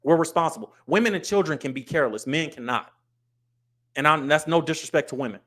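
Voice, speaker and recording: A man's voice: fairly high pitch, fast talker, fairly bright tone. A married man hosting a livestream, giving blunt and emphatic casual commentary and repeating his points. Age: adult, married. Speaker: livestream host.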